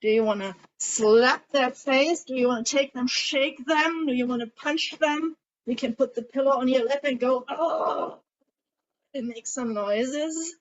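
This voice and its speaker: A woman coach guiding a group tapping session in a calm way, asking the group questions as she leads them. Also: high-pitched, moderate pace. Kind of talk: guided coaching instruction. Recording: dull lo-fi audio.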